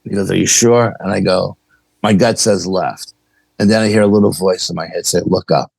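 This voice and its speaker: Husky and low-pitched with vocal fry, this New York man talks a little fast as a guest on a podcast. A paranormal investigator, he recounts a story casually, acting out the dialogue with animation, in a dry recording.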